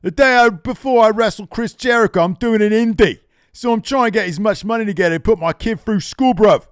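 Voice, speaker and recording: A man's voice: high voice, a little fast, smooth, no room sound, clean studio sound, pitched above the performer's own voice, close to an everyday voice. A man putting on a to play a cocky, boastful male wrestler.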